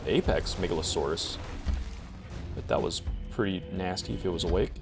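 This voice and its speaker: A man's voice: low voice, moderate pace. A man giving casual, chatty commentary while he plays a survival game, talking to himself as he goes. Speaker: gameplay video creator. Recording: music playing behind the voice.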